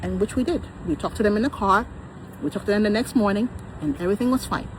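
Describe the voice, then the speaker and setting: A woman's voice: medium pitch, fast talker, background noise. A woman in her thirties talking in a personal vlog, insistent and defensive, repeating her points. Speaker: vlogger.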